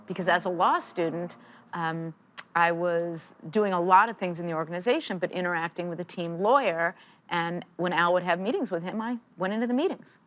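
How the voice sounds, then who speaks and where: A woman's voice: fairly low pitch, brisk. A woman in her sixties, an interview guest telling stories emphatically in a strong, not dainty voice. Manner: emphatic, forceful, animated storyteller. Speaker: guest, football analyst. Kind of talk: conversational interview storytelling. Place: studio.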